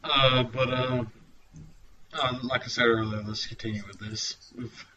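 A man's voice: mid-range voice, level tone, unhurried, bright, forceful tone, lo-fi sound, slight background noise. A man hosting a casual podcast chat, rambling with lots of fillers and frequent laughter. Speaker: podcast host.

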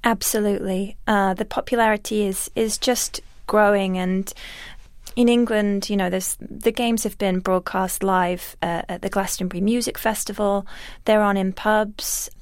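A woman sports journalist giving thoughtful, measured answers in a radio interview. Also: medium pitch, fairly even intonation, dry recording, clean studio sound.

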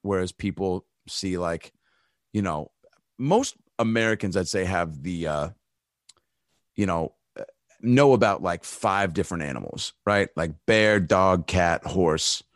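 A man's voice: deep voice, a little slow, dry recording, studio quality. A man guesting as a comedian on a podcast, riffing loosely in casual chat with plenty of profanity and fillers.

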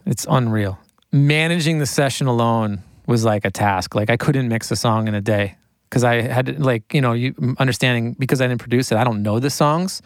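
A man, a guest talking about mixing records in a casual interview, rambling and animated and laughing often. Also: mid-range voice, moderate pace, dry recording, clean studio sound. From United States.

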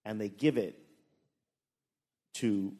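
A man's voice: on the low side, mellow. Wisecracking man cohosting live. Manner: quick wisecracking interjections. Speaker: podcast co-host. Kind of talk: live podcast banter. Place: hotel event room with a live audience.

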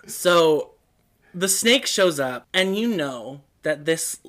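A woman's voice: sits low, lively intonation, slow. A woman co-hosting a podcast in casual chat, snarky and laughing often as she recaps and mocks characters. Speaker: podcast co-host.

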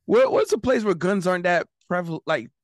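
High-voiced man in podcast banter. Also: wildly swooping pitch, brisk, no room sound, clean studio sound. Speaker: podcast co-host. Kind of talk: casual podcast chat.

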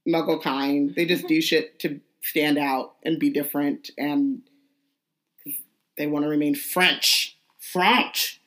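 Chatty woman with a lowish voice. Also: measured pace. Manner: animated, jokey, rambling asides. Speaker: podcast co-host. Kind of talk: casual chat about a book.

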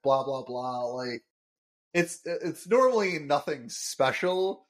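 A man's voice: medium pitch, takes it slowly. A man co-hosting a podcast, recapping an episode in casual chat and explaining things with plenty of fillers. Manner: relaxed, explanatory, lots of fillers. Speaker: podcast co-host.

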